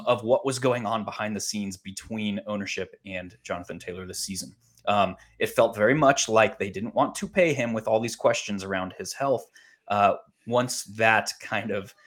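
A man co-hosting a fantasy football podcast, talking in a measured, analytical way with many pauses and ums. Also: lowish voice, a bit bright. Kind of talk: casual sports analysis chat.

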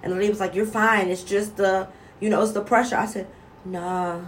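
A woman in her forties chatting casually, telling stories with lively acted-out quotes. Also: mid-range voice, brisk, slight background noise. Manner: animated storyteller, acts out quotes. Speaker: show co-host. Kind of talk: casual chat.

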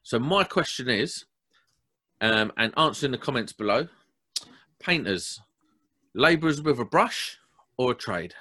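Bright-voiced man telling a story. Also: medium pitch, a little slow, long pauses. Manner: animated storyteller, blunt and wound-up. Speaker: podcast host. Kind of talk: casual podcast chat.

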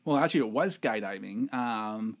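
A man's voice: fairly low pitch, expressive, moderate pace. A man from Toronto, a podcast guest chatting casually and joking about himself. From Toronto, Canada. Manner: joking, self-deprecating, laughs often. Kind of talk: casual chat.

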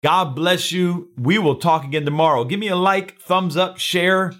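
A man's voice: sits high, moderate pace, fairly bright tone. A man hosting a daily devotional, preaching with fervor and repeating phrases for emphasis. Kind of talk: energetic daily devotional sermon.

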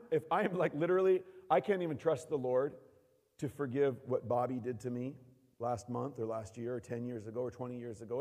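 A male pastor preaching, his voice rising to shouts and dropping to near whispers as he acts out the lines. His mid-range voice rings out with a long hall reverb. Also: medium pitch. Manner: lively preaching, acts out quotes, swings from loud to hushed. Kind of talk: sermon.

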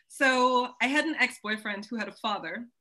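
A woman's voice: on the high side, sharp tone. A woman from the United States, a podcast guest, chatting in a curious, playful way. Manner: curious, playful, quick to laugh. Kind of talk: casual interview chat.

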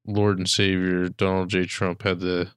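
A man's voice: level tone, a little slow, clean tone, no room sound, studio quality. A man hosting a casual comedy podcast, joking with friends and slipping into silly impressions. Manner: jokey, slips into high-pitched impressions.

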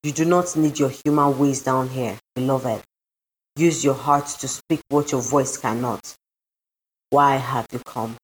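A woman reading aloud voices an ancient female sea goddess, speaking in a stately, measured way. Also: extremely low pitch, fairly even intonation, a little hiss or hum. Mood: commanding.

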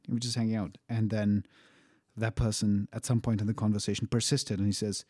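Dark-voiced man swearing through a story. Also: lowish voice, level tone, a little fast, dry recording, clean studio sound. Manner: profane, rambling, with frequent fillers and chuckles. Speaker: storyteller recounting a personal experience. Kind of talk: casual spoken storytelling.

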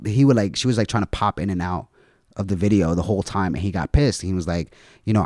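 A man with a fairly low voice telling a family story on a podcast. He talks loosely, swears and fills his speech with "like". The recording is dry and close. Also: fast talker, mellow, no room sound. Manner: casual, swearing, heavy use of "like". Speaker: guest. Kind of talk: emotional storytelling in a podcast interview.

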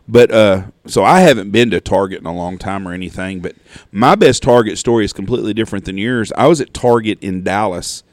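Fast-talking, profane male podcast host. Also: lowish voice, dry recording, clean studio sound. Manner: profane, blunt storyteller. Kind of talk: casual chat.

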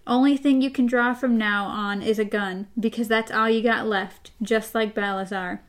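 A desperate young man pleads urgently with a friend, his words pressing and raw, as a woman reads his lines aloud. The voice sits a bit high. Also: fairly even intonation, normal speed, lightly acted. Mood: pleading.

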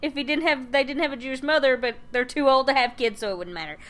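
A young woman chats her way through a TV recap, her voice bright and a touch high. She laughs easily and slips into quick quoted voices as she tells the story. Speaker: podcast co-host. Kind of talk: casual chat recapping a TV episode.

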